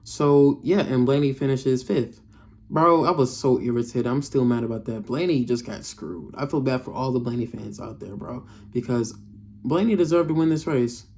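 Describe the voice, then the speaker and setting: A man's voice: mid-range voice, normal speed, a little mellow, slight background noise. Ranting young man, slangy. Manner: frustrated, slangy, profane, repeats himself. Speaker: race reviewer. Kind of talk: casual rant to camera.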